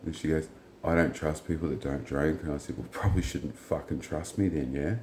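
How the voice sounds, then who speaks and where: Blunt, swearing man, very low voice, rambling anecdote in a roomy space. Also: a little fast, slight background noise. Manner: blunt, profane, rambling, retells dialogue in flat quotes. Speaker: vlogger. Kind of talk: casual storytelling monologue.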